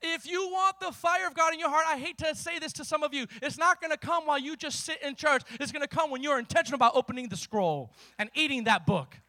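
A man's voice: very high-pitched, fast, hardly any pauses, bright, forceful tone, no room sound. A man preaching a sermon as pastor, with impassioned delivery and vivid storytelling.

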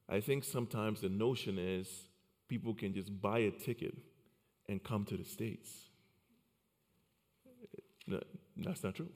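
A man's voice: on the low side, darkish tone, slightly rough. A man in his forties from Liberia telling his personal story in an earnest way, often repeating words as he starts a thought. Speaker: speaker. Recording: long hall reverb.

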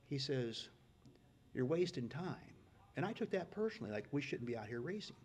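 A middle-aged man telling stories in a casual, folksy way, getting loud and excited at the punchlines. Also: mid-range voice. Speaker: guest storyteller. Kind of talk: casual storytelling.

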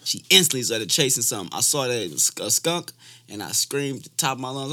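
A man's voice: medium pitch, big pitch swings, fast talker, pushed and bright. Slangy man telling loose stories. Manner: loose slangy storytelling, swears freely. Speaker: podcast host and rapper. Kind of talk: casual chat.

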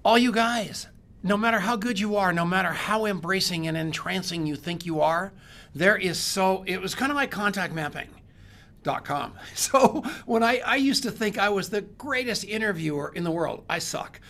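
A man's voice: high-pitched, moderate pace, bright, forceful tone. A man hosting a podcast, talking casually and bluntly with jokes. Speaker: podcast host. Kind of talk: casual chat.

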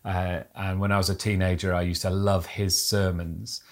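A man's voice: low-pitched, little pitch movement, moderate pace. A man preaching a sermon to his church, earnest and exhorting, building up to emphatic peaks. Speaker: pastor.

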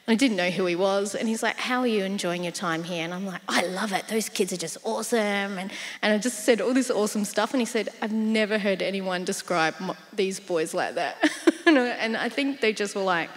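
A woman's voice: mid-range voice, brisk. Laughing woman telling a story in a hall. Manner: animated storyteller, laughs often, acts out quotes. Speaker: interview guest. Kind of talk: casual faith story interview.

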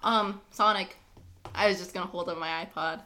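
A woman's voice: fairly low pitch, fairly even intonation, moderate pace, bright, forceful tone. A young woman co-hosting a casual chat podcast, giggly and rambling, often breaking into laughter. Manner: giggly, rambling, sings snatches of songs. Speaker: podcast co-host.

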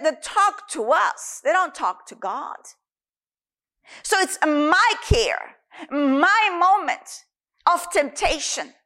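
Earnest high-voiced woman preaching. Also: fairly bright tone. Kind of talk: sermon.

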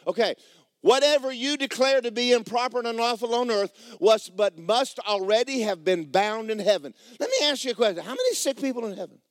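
A man preaching a sermon, emphatic and loud at times, dropping low for stories. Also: animated, fairly quick, dry recording, clean studio sound. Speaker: pastor.

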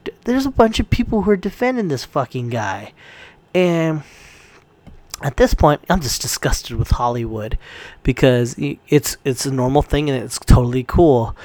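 A man's voice: medium pitch, no room sound. A man ranting in a casual commentary, heated and profane, rambling with frequent restarts.

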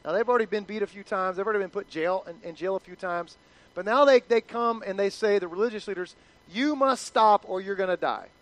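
A middle-aged male pastor preaching a sermon in an animated, conversational way, acting out quotes. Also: high voice, fast talker, poor audio.

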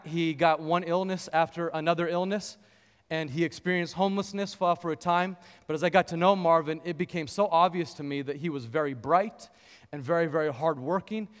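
High-voiced preaching pastor in a hall. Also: male voice, clear, resonant tone. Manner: storytelling, rising into fervent preaching with scripture. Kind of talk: sermon. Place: church sanctuary.

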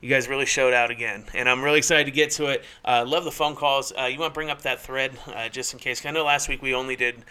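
A man co-hosting a casual sports podcast, chatty and quick to laugh at himself. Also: mid-range voice, fairly even intonation, pushed and bright, clean tone. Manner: chatty, laughing, self-deprecating. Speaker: podcast co-host.

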